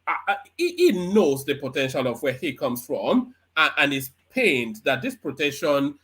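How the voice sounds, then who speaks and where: Lively male host of a political talk show. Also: fairly high pitch, normal speed. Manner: lively, conciliatory, hesitant with fillers. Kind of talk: hosting a political discussion.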